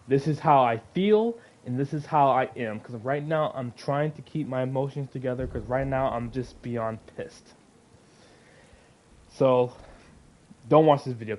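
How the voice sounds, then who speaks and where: A man's voice: mid-range voice, darkish tone. A man hosting his own gaming and comics channel, ranting angrily to camera, swearing, sighing often and dropping to mutters between outbursts. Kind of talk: angry profane rant to camera.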